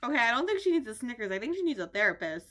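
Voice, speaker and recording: A young woman streamer giving playful, goofy commentary on a game, animated and jokey with bursts of shouting. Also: fairly high pitch, rapid-fire. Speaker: gaming streamer.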